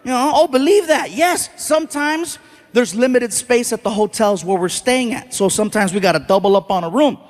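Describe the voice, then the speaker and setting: A man telling stand-up stories in an animated way, acting out the people in them, on stage at a live show. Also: extremely high pitch, moderate pace, in a large hall. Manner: animated, acts out voices, jokes at his own expense. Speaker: stand-up comedian. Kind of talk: stand-up storytelling.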